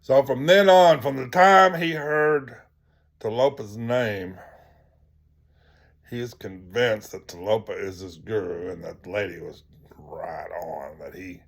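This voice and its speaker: A man with a lowish, gravelly voice speaks at a slow pace as a teacher of tantric practice. He teaches through a rambling story packed with fillers, at times dropping almost to a whisper.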